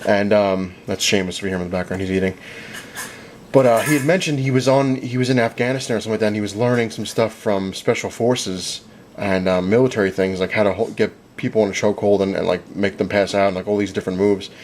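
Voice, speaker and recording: A man's voice: on the low side, fairly even intonation, quick pace, slight background noise. A young man chatting casually as a vlogger, rambling with lots of fillers and retelling conversations. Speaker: vlogger recapping a comic convention. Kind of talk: casual chat.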